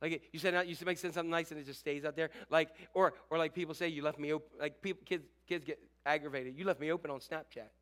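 A middle-aged male pastor preaching a sermon, animated and joking with the congregation, acting out quotes. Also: fairly high pitch, fast, hardly any pauses.

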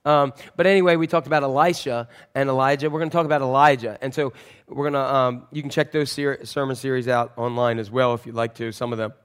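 A male pastor giving a sermon in a church, telling a Bible story in a jokey, self-mocking, animated way on a wireless mic. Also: medium pitch, fast, clean tone.

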